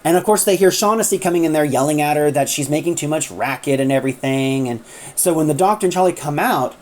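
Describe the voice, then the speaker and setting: Woman, casual plot recap, low voice, rambling delivery. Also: fast, darkish tone. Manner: rambling, with many "like"s. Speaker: audio drama recapper.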